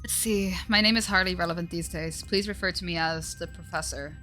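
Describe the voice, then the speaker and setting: A woman's voice: on the low side, brisk, pushed and bright. A woman reading a polite older male zombie mastermind in a game, formal and old-fashioned in manner, over faint music. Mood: courteous.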